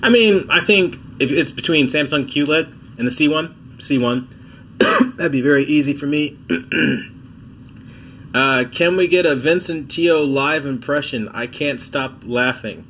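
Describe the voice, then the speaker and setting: A man's voice: a little high, measured pace, a bit bright, slight background noise. A sick man hosting a casual TV tech livestream at home, chatting with viewers in a laid-back, self-mocking way. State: sick, coughing and clearing throat.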